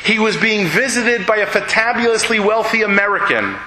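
Man giving an animated sermon. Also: high-pitched, normal speed, poor audio. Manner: animated storytelling that builds to emphatic peaks. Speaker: speaker at a community event. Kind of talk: inspirational sermon with storytelling.

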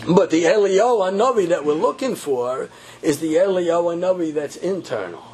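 A man telling a story in a sermon, animated and repeating phrases for emphasis. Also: on the high side, slight background noise. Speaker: religious teacher.

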